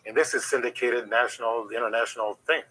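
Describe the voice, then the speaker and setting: A middle-aged man, a former wrestler, telling rambling, animated stories as an interview guest. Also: mid-range voice, fast talker, breathy edge, low-quality recording. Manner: rambling, animated anecdotes with restarts. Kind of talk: casual storytelling.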